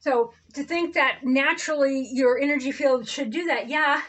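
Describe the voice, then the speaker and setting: A woman's voice: high-pitched, normal speed, a bit bright, poor audio. A woman reverend rambling through a spiritual monologue, sarcastic and digressive, often losing her thread and starting over. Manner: sarcastic, digressive, self-interrupting. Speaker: reverend, online host.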